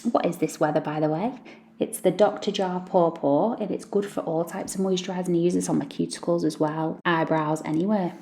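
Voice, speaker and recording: A woman chats through her everyday makeup routine like she's talking to a friend, poking fun at herself as she goes. Her voice sits low with a gravelly edge, and the tone is mellow and dark rather than bright. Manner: chatty and self-deprecating. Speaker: beauty vlogger, mum. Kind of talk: makeup tutorial chat.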